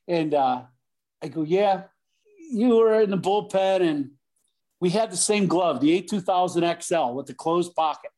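With a high voice at normal speed, a middle-aged man who played baseball professionally tells casual stories as a guest. He's lively about it, imitating the voices in each anecdote.

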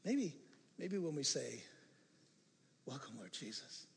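An older man preaching a sermon as pastor, animated, moving from hushed asides to loud emphatic passages. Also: medium pitch, normal speed, gravelly, husky. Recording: reverberant hall.

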